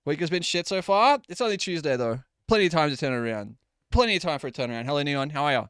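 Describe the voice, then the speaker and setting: A man in his twenties chatting casually with viewers on a live stream, animated and quick to swear. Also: on the high side, smooth, no echo, clean studio sound. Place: at home at his desk.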